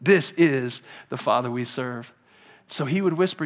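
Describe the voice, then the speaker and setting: A man, preaching a sermon as pastor, dropping to hushed tender stretches and rising to loud impassioned ones. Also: medium pitch, a little slow. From Alabama.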